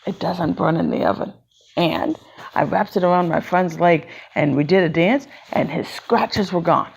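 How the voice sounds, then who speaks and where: A woman voicing an excited young schoolboy, eager and wide-eyed, in a storytelling voice. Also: lowish voice, moderate pace, gravelly, slight background noise, rough recording. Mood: proud. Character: excited young schoolboy proud of his mom.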